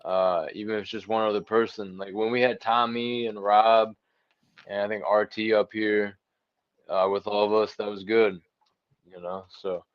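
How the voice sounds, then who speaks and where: Laid-back low-voiced man, lo-fi mic. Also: level tone, normal speed, clean tone. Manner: laid-back, searching for words, slangy. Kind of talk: casual livestream panel chat. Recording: dull lo-fi online mic.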